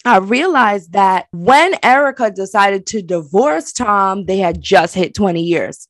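A woman co-hosting a casual recap chat, talking in a sassy, animated, slangy way. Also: mid-range voice, a little slow, no room sound. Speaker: podcast co-host.

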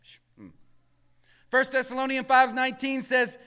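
A man preaching with a high, bright voice that rings out in a church hall with a long reverb. His tone is smooth and clear. He sinks to near-whispers, then builds to shouts, and asks the room to answer him back. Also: lively intonation, measured pace. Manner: swings from hushed murmurs to shouted emphasis, calls for responses. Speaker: pastor. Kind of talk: sermon. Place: church sanctuary.

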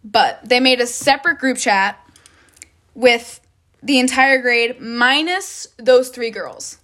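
A young woman talks straight to her audience in a loose, rambling storytime. Her voice sits a little high, and she strings her thoughts together with constant "like"s and casual swearing. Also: slow, a bit bright. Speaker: vlogger.

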